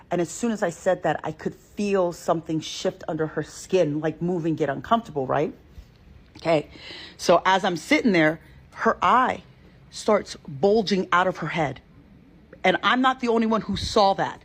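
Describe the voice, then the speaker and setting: A woman with a breathy, husky voice tells a spooky personal story straight to her viewers. She is emphatic and expressive and circles back to her points. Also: fairly low pitch, moderate pace. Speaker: host of a reaction channel. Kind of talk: animated storytime talk to viewers.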